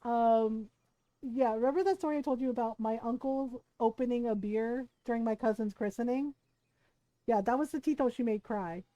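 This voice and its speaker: A woman streamer chatting as she plays a game, telling an animated, rambling family story full of asides. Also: a little high, normal speed, no room sound, poor audio. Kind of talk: casual storytelling while playing a game.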